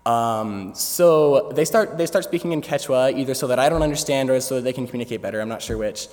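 A man's voice: medium pitch, quick pace, darkish tone. A young man telling a funny story to an audience, hesitant with many fillers, laughing along. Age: young adult. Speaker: student speaker. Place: large hall before an audience. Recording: echoey hall, faint ambience.

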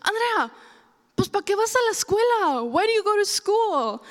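A woman voicing her exasperated immigrant mother, shouting urgent demands in a reverberant hall. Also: very high voice, animated, normal speed, pitched above the performer's own voice.

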